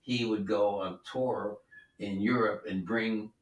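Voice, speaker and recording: In his seventies, this record producer and guest musician spins rambling anecdotes at an easy, relaxed clip, full of asides. His low voice moves slowly with fairly even intonation. The muffled audio sounds roomy, as if he's far from the mic.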